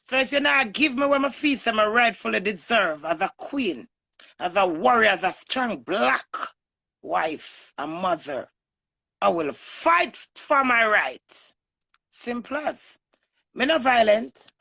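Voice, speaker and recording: A woman with a Jamaican accent giving a heated, emphatic livestream rant to her viewers, swinging from loud bursts to low mutters. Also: creaky, husky. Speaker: online personality.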